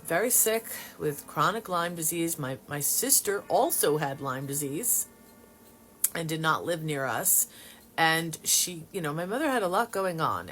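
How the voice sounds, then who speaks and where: A woman sharing her personal Christian testimony in a halting way, with many fillers and restarts. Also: lowish voice, a bit bright.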